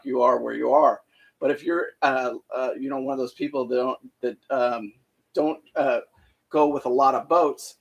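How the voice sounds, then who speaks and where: A middle-aged man with a slightly husky voice at an ordinary pitch tells a boating story on a casual live stream. He rambles, fills pauses with "uh" and "um", and often restarts his sentences. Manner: rambling, many fillers and restarts. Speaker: boating vlogger.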